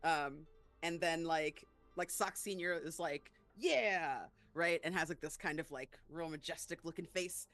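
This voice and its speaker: A woman's voice: sits low, fairly even intonation, normal speed, a bit bright, faint music behind. A woman player in a tabletop game, describing her character's actions in chatty, filler-laden talk.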